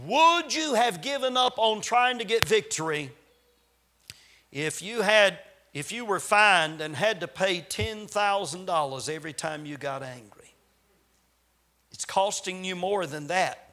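A visiting male preacher delivers his sermon in a high, bright, ringing voice. He swings between loud, insistent appeals and soft, hushed asides. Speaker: traveling preacher.

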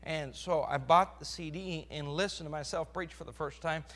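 A man in his forties preaching with a crackly, strained voice that sits high and bright. He delivers an animated sermon, pushing to loud emphasis as he drives his points home. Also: moderate pace. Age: 40s. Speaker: pastor.

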